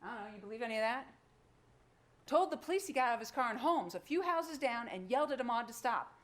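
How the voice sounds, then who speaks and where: A woman's voice: fairly high pitch, animated, fast. A woman prosecutor giving a closing argument to a jury, emphatic and full of rhetorical questions. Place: courtroom. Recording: echoey courtroom, faint background noise.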